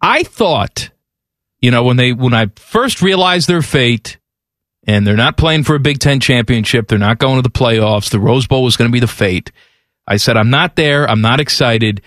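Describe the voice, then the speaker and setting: A man co-hosting a sports talk show in casual banter, cracking sarcastic deadpan jokes and mocking impressions. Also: medium pitch, normal speed, no room sound, studio quality. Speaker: radio sports show co-host.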